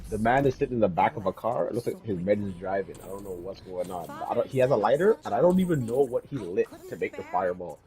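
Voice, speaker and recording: A man's voice: on the low side, lively intonation, fast, hardly any pauses, dark tone, faint music behind. A man streaming a game, talking in a laid-back, slangy way and laughing often. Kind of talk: casual chat on a game stream.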